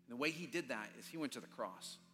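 A man's voice: mid-range voice, lively intonation, fast, a little hiss or hum. A man preaching as a pastor, earnest and pleading, leading a prayer in a church. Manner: earnest, pleading, repeating phrases. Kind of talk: sermon and altar-call prayer. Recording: long reverb, soft music behind.

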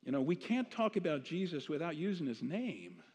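A man's voice: a little high, big pitch swings, normal speed, a little mellow, breathy edge. A middle-aged male pastor giving a conversational sermon that rises to emphatic declarations. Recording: long hall reverb.

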